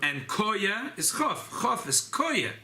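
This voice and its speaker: A man teaching an informal Torah class as a rabbi, animated and emphatic. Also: takes it slowly. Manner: animated, rising pitch on emphasis, Yiddish and Hebrew terms mixed in.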